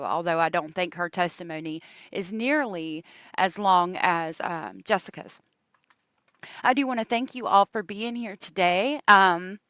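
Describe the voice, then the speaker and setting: A woman's voice: lowish voice, a bit bright, clean tone, no room sound. A woman hosting a true crime live stream, rambling in casual chat with lots of ums and likes and gushing thanks to her viewers.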